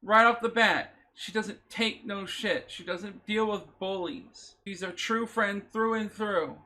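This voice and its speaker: Heated high-voiced male vlogger. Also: slow, bright, forceful tone. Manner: emotional, emphatic, repeats himself and swears. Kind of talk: impassioned reaction commentary.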